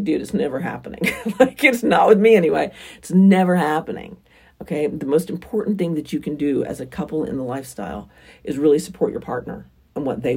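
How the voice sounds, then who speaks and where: A woman's voice: low voice, mellow, breathy edge. A woman hosting a frank, casual advice monologue, talking bluntly and with emphasis. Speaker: relationship advice host.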